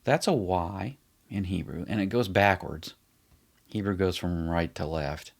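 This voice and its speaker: A man's voice: low voice, measured pace, creaky. A middle-aged man teaching an online Bible study in a chatty way, explaining things as he writes them out on the screen. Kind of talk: casual online Bible lesson.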